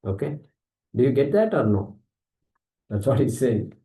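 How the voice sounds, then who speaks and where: A man with an Indian accent teaching a scripture class, talking in a lively, conversational way and acting out the objections he answers. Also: mid-range voice, measured pace, reverberant, rough recording. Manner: animated, conversational, acts out objections.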